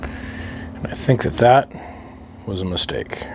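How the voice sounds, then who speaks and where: A deep, expressive voice moves slowly over a faint hiss or hum. This middle-aged radio hobbyist casually mutters to himself while working on an amplifier, wry and grumbling as the job fights him.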